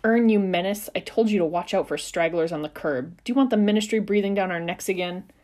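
A woman voicing a bustling, motherly bus conductor in a storybook reading, brisk and chatty. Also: on the low side, expressive, darkish tone. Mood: scolding. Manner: brisk, motherly, exasperated scolding.

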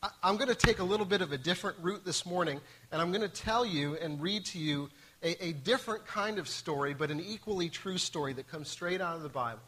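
A man preaching from the pulpit in a casual, conversational way. His voice is bright and forceful and sits a little high, and he stumbles and restarts as he mixes scripture reading with joking asides. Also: a little fast, slight background noise, rough recording. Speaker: pastor.

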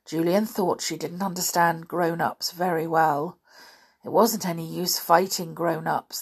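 A woman reading a children's storybook aloud in an expressive, lively narrating way. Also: fairly low pitch, creaky, breathy edge.

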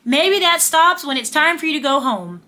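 Fervent high-voiced woman podcast host. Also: expressive, moderate pace, sharp tone. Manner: fervent and repetitive, preacher-like encouragement in casual slang. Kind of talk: faith-based motivational podcast monologue.

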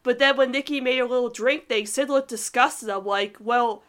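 A woman chats casually on a podcast, breaking into giggles and trailing off with filler words. Her voice sits a little high. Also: brisk, fairly bright tone. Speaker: podcast co-host reviewing cartoon episodes. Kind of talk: casual chat.

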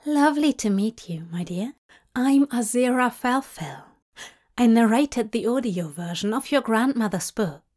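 A woman doing a courteous, old-fashioned bookish gentleman. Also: a little high, animated, a little slow. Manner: polite, old-fashioned phrasing. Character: gentle, fussy male bookish narrator. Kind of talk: fanfic audiobook reading.

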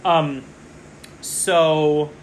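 A man's voice: fairly high pitch, little pitch movement, extremely slow, a little hiss or hum. Chatty man rambling through a draft. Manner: rambling, chatty, easily distracted. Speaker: podcast co-host. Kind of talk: casual chat during a fantasy football draft.

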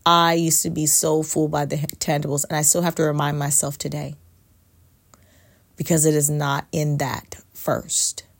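A low-pitched woman speaks slowly and meditatively, her voice gravelly and husky with frequent fry. She leans into soft whispers to stress her points, like a spiritual coach talking straight to her listeners, in a dry close recording. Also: level tone, no echo. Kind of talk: slow reflective faith talk to camera.

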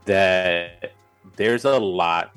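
A man's voice: low-pitched, very slow, a bit bright, clear, resonant tone, no echo, faint music behind. A man, a military veteran back in school, co-hosting a casual podcast chat, often stumbling and repeating words as he starts a thought. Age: adult, veteran back in school. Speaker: podcast co-host.

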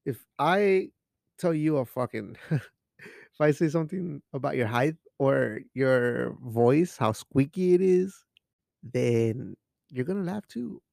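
On his casual solo podcast, a man drinks beer while rambling, joking, cursing freely, and tossing in Spanish phrases. He speaks slowly at a medium pitch, animated, with vocal fry and a slightly mellow quality, in a studio-quality recording without echo.

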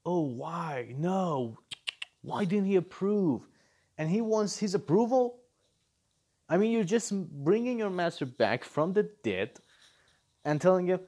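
A man reacts casually to a manga chapter, ranting in an animated, incredulous way and throwing out rhetorical questions. His voice sits high and breathy, and he speaks slowly with long pauses.

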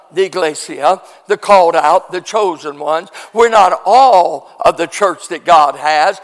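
A man preaching a revival sermon as pastor. He moves from quiet teaching to shouted preaching and coaxes the congregation to answer back. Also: high voice, long reverb tail. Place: church sanctuary.

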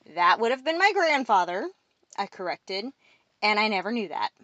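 A woman's voice: mid-range voice, sing-song, moderate pace, fairly bright tone, no room sound, muffled recording. A woman voicing a polite, earnest young male prince at school in an audiobook, plain-spoken and courteous.

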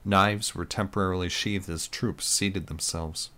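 A man narrates a war story in the first person, reading in a steady, descriptive manner. His voice is very low and deep. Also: a little slow, few pauses.

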